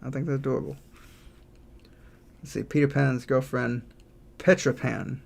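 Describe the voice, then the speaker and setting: Gravelly man streaming casually. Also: mid-range voice, moderate pace. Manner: relaxed, thinking aloud, reads out chat messages. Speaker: game developer streaming live. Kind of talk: casual livestream chat while drawing.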